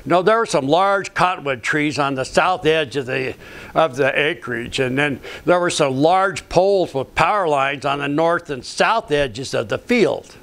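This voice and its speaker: A man's voice: a little high, lively intonation, unhurried, a bit bright. A man giving an earnest, rambling personal faith testimony as a ministry speaker, often saying "you know".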